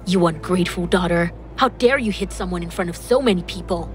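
A woman's voice: medium pitch, expressive, moderate pace, a little hiss or hum, close to an everyday voice. A woman reading the lines of a furious, domineering middle-aged father in a storybook. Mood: angry. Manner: roaring, harsh.

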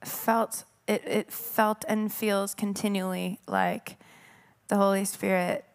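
A woman's voice: medium pitch, little pitch movement, slow. Reflective woman teaching on faith. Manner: reflective, searching for words, emphatic about faith. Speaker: worship leader. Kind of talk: earnest spiritual teaching.

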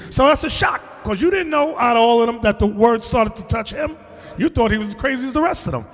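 A high, husky man's voice swings widely in pitch as he preaches. He talks in an emphatic, streetwise way, and his words ring with a long reverb. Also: fast. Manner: animated and emphatic, mixing street talk with scripture. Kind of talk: sermon-style teaching. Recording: reverberant hall.

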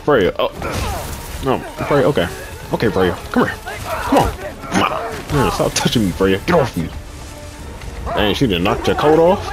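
A man's voice: mid-range voice, wildly swooping pitch, unhurried, long pauses, music in the background. A young man giving casual, slangy commentary while playing a video game, talking back to the characters on screen. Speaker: gaming YouTuber.

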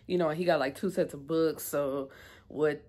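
Woman vlogger reviewing an episode, low-pitched, loose and talkative, rambles with fillers. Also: steady tone, normal speed, darkish tone. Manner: chatty, rambling, many fillers. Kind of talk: casual episode recap.

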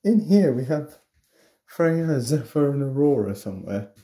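A woman giving a casual tour of her pet ferrets, jumping into a high sing-song voice to greet them. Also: animated, unhurried, mellow. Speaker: pet vlogger.

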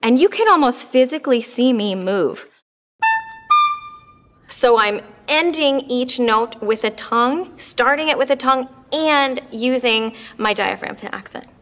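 A woman's voice: a little high, animated, measured pace, a bit bright, soft background music. A woman teaching an oboe lesson, explaining patiently and with frequent fillers. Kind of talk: instructional music lesson.

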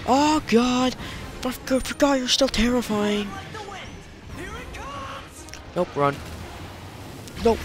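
A man commentating his own gameplay, swinging between muttered complaints and panicked, swearing yells. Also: high-pitched. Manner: panicky, yelling, swearing outbursts. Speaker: let's play gamer. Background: game music.

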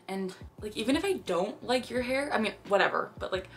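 A woman's voice: medium pitch, fairly quick, hardly any pauses. Chatty young Canadian woman vlogging. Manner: chatty, bursts of sudden blurted phrases. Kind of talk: casual vlog talk to camera.

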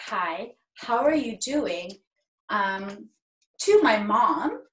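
Young female drama teacher, encouraging, slow-paced, echoey room. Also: medium pitch, a bit bright. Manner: upbeat, encouraging, playful. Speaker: acting teacher. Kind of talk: drama workshop for kids.

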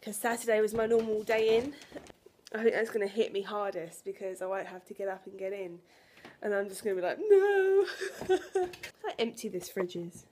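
A woman's voice: medium pitch, little pitch movement, brisk, darkish tone, slight background noise. Emotional young woman vlogging at home. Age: 20s. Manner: chatty and emotional, laughs and sighs often. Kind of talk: casual vlog to camera. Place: at home indoors.

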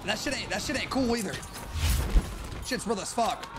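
A young man streaming a shooter game, talking brash and profane in hyped slang over loud music and gunfire. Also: high-pitched, expressive, normal speed. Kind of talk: gaming commentary over gameplay.

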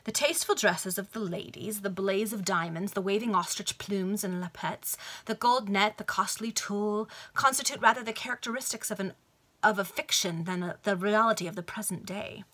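Woman reading aloud, chatty asides, bright voice, video call. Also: medium pitch, moderate pace. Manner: chatty, thinks aloud, laughs. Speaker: reader in a book club. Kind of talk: reading aloud with casual comments.

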